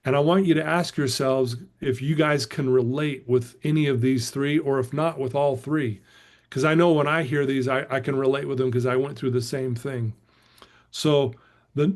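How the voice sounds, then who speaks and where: A man's voice: mid-range voice, darkish tone. A middle-aged man giving a casual motivational talk, telling a story earnestly with frequent fillers and restarts. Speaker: motivational speaker and recovery coach.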